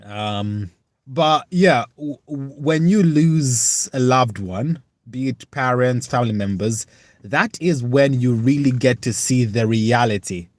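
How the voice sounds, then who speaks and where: A young man from the United Kingdom talks slowly and earnestly on a casual livestream, answering viewer comments one by one. His voice sits at a mid pitch and is captured dry and close, with no room sound around it. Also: no room sound. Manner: earnest, reflective, halting.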